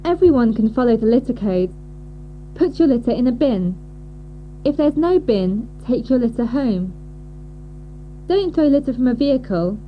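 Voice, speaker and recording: A woman reading a list of rules in a clear, instructive way for a listening task. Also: on the high side. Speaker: reader of a code. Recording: dull lo-fi audio with faint hiss.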